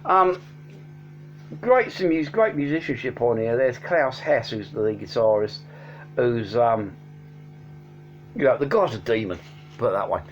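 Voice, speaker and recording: A man's voice: medium pitch, expressive, measured pace, pauses often. A man casually reviewing albums at home, rambling with many ums and restarts but enthusiastic. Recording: dull lo-fi sound with faint hum.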